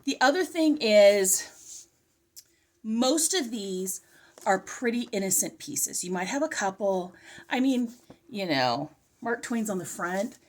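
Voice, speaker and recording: With a mid-range voice and a slow pace, this middle-aged Californian homeschool vlogger reviews curriculum in a chatty, animated way. She sounds a little breathless and often cuts herself off mid-thought.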